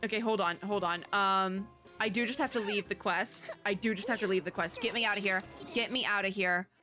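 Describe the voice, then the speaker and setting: A young woman doing let's play commentary on a video game, animated and chatty, laughing to herself. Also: medium pitch, brisk, faint music behind. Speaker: gaming YouTuber.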